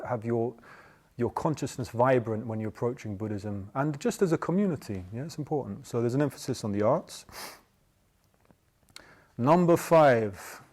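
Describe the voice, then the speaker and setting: A man in a middle pitch gives a relaxed Buddhist teaching. He talks in a loose, rambling way, restarts often, and keeps checking in with the listeners. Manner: chatty, tags points with "yeah?". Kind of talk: informal dharma talk.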